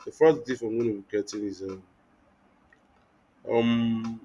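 A man's voice: fairly low pitch, steady tone, a little slow, warm tone, lo-fi sound, a little hiss or hum. A young man teaching web design in a live online class, thinking aloud with many restarts and fillers. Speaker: web development instructor.

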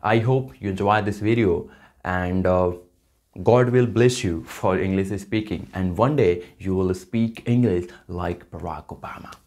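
A man from India with an Indian accent, giving a casual spoken-English tutorial in an earnest, halting way with frequent restarts. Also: deep voice, darkish tone.

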